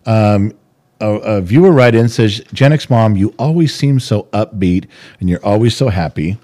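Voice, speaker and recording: A middle-aged man with a low, dark and mellow voice, co-hosting a casual podcast chat. He rants heatedly and swears freely as he talks. The sound is close, as on a podcast microphone. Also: moderate pace. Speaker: podcast co-host.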